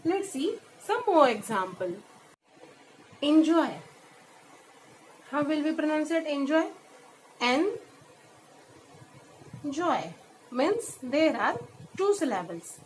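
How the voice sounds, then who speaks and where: A woman teacher with an Indian English accent, giving a classroom lesson in English and Hindi, explaining step by step and repeating each example word slowly. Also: high voice, sing-song, a little mellow, slight background noise, low-quality recording. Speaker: school teacher. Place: school.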